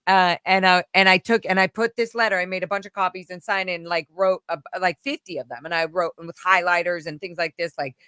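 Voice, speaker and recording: A woman's voice: fairly low pitch, fast talker, few pauses, clear, resonant tone, no room sound, clean studio sound. A woman from California telling a long story in casual chat, rambling with many fillers and acting out the other people's voices. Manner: rambling, animated, full of fillers, acts out voices.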